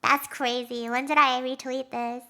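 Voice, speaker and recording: A young woman streams live with her audience in a casual, chatty way, giggling often and reacting strongly. Her voice sits high and bright. She speaks slowly and lets her words drawl out. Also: little pitch movement. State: has a headache.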